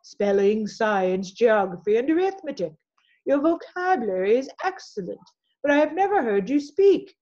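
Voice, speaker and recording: A woman's voice: on the high side, sing-song, normal speed, warm tone, dull audio, pitched above the performer's own voice. A woman voicing a middle-aged schoolteacher who coaxes her students and grumbles when annoyed. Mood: encouraging. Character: stern elementary teacher, middle-aged woman.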